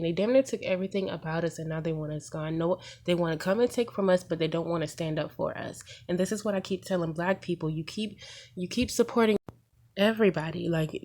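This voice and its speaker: A woman's voice: lowish voice, a little mellow. Angry young woman vlogging her views. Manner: angry, emphatic, repetitive rhetorical questions. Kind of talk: impassioned opinion vlog.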